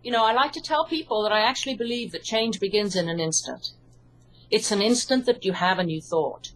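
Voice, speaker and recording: A woman with an English accent, an author and hypnotherapist, calmly explaining her ideas in an interview. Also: mid-range voice, a little fast, slight background noise, low-quality recording. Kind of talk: interview answers.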